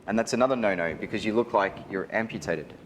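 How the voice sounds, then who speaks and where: An Australian man giving a wedding photography seminar, chatty and animated, often asking the audience questions. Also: on the low side, quick pace, slight background noise. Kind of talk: live seminar talk to an audience. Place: large hall. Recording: reverberant hall with faint ambience.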